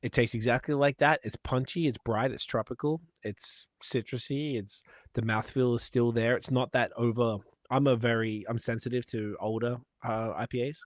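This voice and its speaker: A man's voice: mid-range voice, steady tone, normal speed, no echo, clean studio sound. A man from Australia co-hosting a podcast, chatting casually over beers and telling stories with laughter and swearing. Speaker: podcast co-host.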